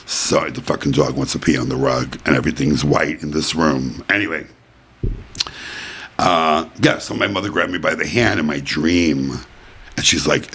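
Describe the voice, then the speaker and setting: A man's voice: rumbling low, steady tone, moderate pace, fairly bright tone, breathy edge. A middle-aged man hosting a casual home podcast, rambling and chatty, full of "basically" and "you know". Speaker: podcast host. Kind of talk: casual chat. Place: white-furnished room at home.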